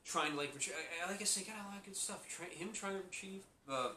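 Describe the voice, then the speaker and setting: A man hosting a casual review, talking in an excitable, rambling way full of restarts and fillers. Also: sits high, fast, reverberant, a little hiss or hum. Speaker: host.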